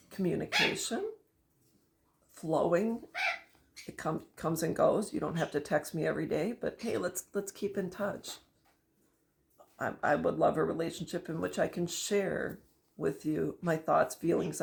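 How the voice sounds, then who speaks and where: A woman's voice: fairly low pitch, gravelly. A middle-aged woman telling a personal story and giving emphatic advice to other parents in a monologue. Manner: emphatic, storytelling, lists items deliberately. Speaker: parent vlogger.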